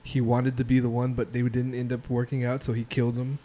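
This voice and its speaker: A man hosts a casual podcast, retelling stories in a loose, profane ramble. His voice sits in a middle pitch with a mellow, relaxed tone. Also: fairly quick, slight background noise. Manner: loose, profane storytelling with filler ums. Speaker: podcast host. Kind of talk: casual chat.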